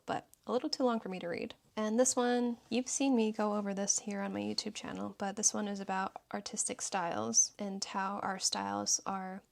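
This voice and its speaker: Thoughtful woman with a gravelly edge. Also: mid-range voice. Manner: thoughtful, reflective, reads quotes aloud. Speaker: journaling YouTuber. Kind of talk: casual journal flip-through narration.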